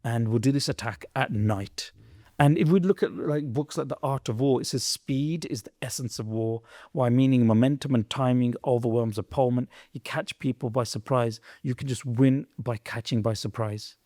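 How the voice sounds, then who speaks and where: A man in a podcast chat who tells old history with earnest, sermon-like passion. His voice sits in a middle register, and he swings from loud, pointed emphasis to low, quiet asides. The recording is close and dry, with no room echo. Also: fairly even intonation, normal speed. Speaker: podcast storyteller.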